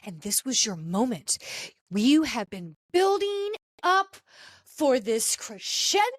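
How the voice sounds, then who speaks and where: A woman hosting a casual podcast, recapping a reality show finale in a gossipy, animated way and acting out the cast's lines. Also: a little high, slow pace, no echo, clean studio sound. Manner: animated, gossipy, acts out quotes. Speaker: podcast host. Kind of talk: casual pop-culture recap.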